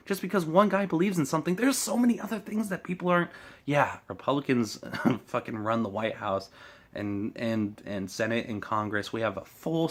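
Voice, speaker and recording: A man's voice: medium pitch, fairly bright tone. A man vlogging a heated, profane political rant, swearing often and laughing at his own jokes.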